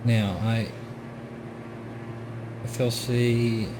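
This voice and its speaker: A man's voice: mid-range voice, level tone, very slow, noisy background. A middle-aged Australian man giving gameplay commentary as a streamer, musing and talking himself through what he is doing at home.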